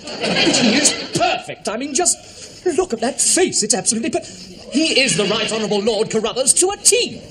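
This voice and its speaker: A fussy, stammering theatre director. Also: male voice, extremely high pitch, very animated, moderate pace. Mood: enthused. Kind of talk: sitcom acting. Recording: noisy old TV audio.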